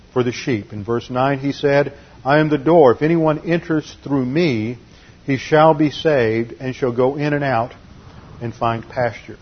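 Husky man preaching a sermon. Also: mid-range voice, lo-fi sound. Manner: teaching, explains Greek and Hebrew word meanings.

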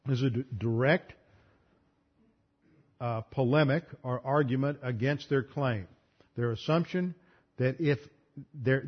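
A man lectures as a Bible teacher, building his points one careful step at a time and pausing to spell out terms. His voice sits at a middling pitch. The recording sounds dull and lo-fi. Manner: methodical, explanatory, spells out terms. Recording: muffled lo-fi recording.

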